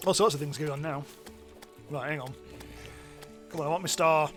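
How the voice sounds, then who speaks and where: Man, game streamer, slightly high voice, chatty and self-mocking, excited yelps, faint music underneath. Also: normal speed, pauses often. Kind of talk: live let's-play commentary.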